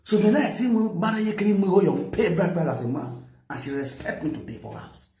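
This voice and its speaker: A man's voice: high-pitched, brisk, mellow, echoey room. A man with a Nigerian accent, lecturing and scolding in a commentary, mixing pidgin with a local language. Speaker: social media commentator.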